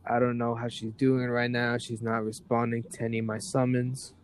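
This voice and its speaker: A man voicing a depressed old male village wizard who speaks quietly and hesitantly. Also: mid-range voice, monotone, moderate pace, slight background noise, lightly acted. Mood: gloomy.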